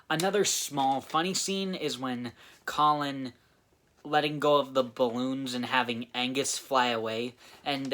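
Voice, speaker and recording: A man giving a casual spoken movie review, halting with fillers and restarts. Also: mid-range voice, pushed and bright, slight background noise. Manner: halting, many fillers and restarts, clears throat.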